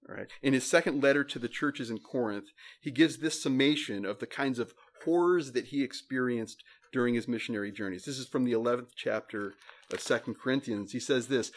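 A man preaching a sermon as pastor, reading scripture aloud slowly with heavy emphasis and earnest feeling. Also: medium pitch.

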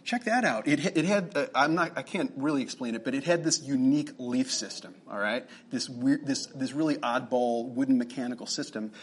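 A man's voice: medium pitch, a little fast, few pauses, a little hiss or hum. A middle-aged man, a pastor telling a personal story in a conversational sermon, full of fillers and restarts. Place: church meeting room.

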